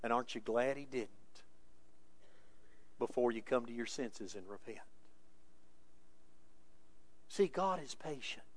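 A male pastor preaching a sermon with emphasis, moving between quiet asides and raised, insistent points. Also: medium pitch, animated, normal speed.

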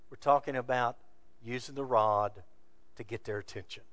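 A man preaching a sermon from scripture, building to loud emphatic peaks and dropping to quiet asides. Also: medium pitch, fairly even intonation, normal speed, no echo. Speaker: pastor.

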